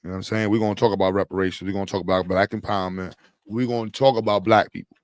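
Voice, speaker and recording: A livestream host with a low, steady voice talks rapid-fire with his viewers in a rambling, slangy, joking way. The sound is clean studio quality with no room sound.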